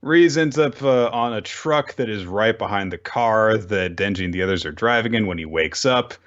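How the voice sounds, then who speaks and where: A man co-hosting a casual manga recap podcast, telling the story with lively retellings of the characters' lines. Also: fairly low pitch, normal speed, lo-fi sound. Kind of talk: casual chapter recap chat.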